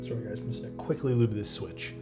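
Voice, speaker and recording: A man's voice: on the low side, fairly even intonation, fast. A young man on a live stream, chatting casually with his viewers while he works on a keyboard, talking loosely with lots of fillers. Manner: chatty, answers chat while working, loose filler-heavy talk. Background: faint music.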